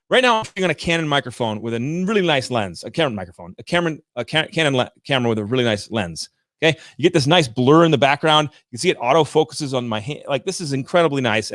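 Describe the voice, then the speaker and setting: Fast-talking emphatic male host. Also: fairly high pitch, dry recording, studio quality. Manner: emphatic, direct, repeats points for effect. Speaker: host of a live show. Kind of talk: energetic live-stream coaching talk. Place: indoor room with large windows. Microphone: studio microphone.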